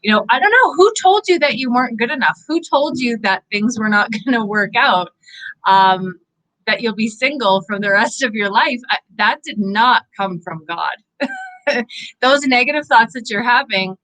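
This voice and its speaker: A Canadian woman, a psychic medium, giving an earnest, encouraging inspirational talk to viewers, animated and full of fillers. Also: fairly high pitch, normal speed, poor audio. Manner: animated, gestures with her hands. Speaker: psychic medium hosting live angel readings.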